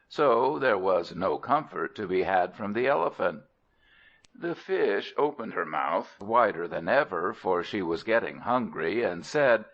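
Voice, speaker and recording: Slow, low-voiced male storyteller. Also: big pitch swings, a bit bright. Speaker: audiobook narrator. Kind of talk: storybook narration. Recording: dull lo-fi recording.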